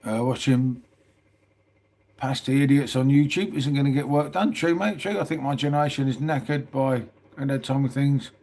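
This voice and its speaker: A man's voice: mid-range voice, normal speed, darkish tone. A middle-aged man, chatting casually on a live stream, reading out viewer comments and calling everyone mate. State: tired. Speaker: livestream host.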